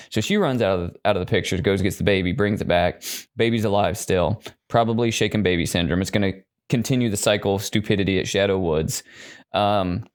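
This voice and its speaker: Low-voiced, profane male podcast co-host. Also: fairly quick. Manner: profane, animated retelling with voices. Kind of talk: casual chat.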